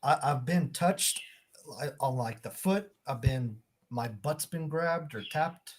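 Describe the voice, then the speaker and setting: Male podcast guest, mid pitch, brief halting remarks, faint background noise. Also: animated. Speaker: paranormal investigator. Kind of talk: casual podcast chat.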